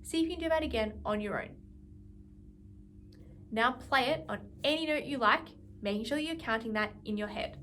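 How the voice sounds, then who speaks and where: A woman's voice: a little high, normal speed, fairly bright tone, slight background noise. A woman music teacher giving an instrumental lesson, patiently explaining and counting beats aloud.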